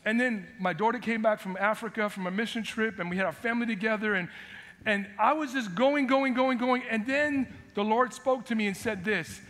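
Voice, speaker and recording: A man pastor preaching a sermon, passionate, swinging from shouted lines to quiet asides. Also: high-pitched, fairly quick. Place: church sanctuary. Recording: long echo of a church hall.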